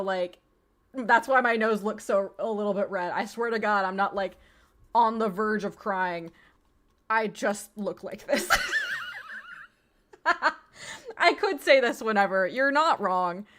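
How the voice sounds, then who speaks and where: A woman's voice: mid-range voice, slow, a bit bright. A young woman streaming a video game from home, rambling in casual, self-deprecating commentary full of swearing and laughter. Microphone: streaming mic with webcam.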